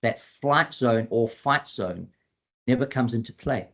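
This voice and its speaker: A male dog trainer presents a webinar in an easy, conversational way. He is animated, acting out his clients and their dogs as he goes. His voice sits at an ordinary middle pitch. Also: a little slow, dull audio.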